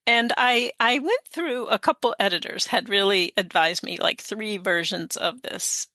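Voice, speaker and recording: A woman's voice: mid-range voice, moderate pace, few pauses, bright, forceful tone, dry recording, clean studio sound. A woman in her sixties, a guest author speaking in a chatty conversational interview, often laughing and using fillers. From United States. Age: 60s.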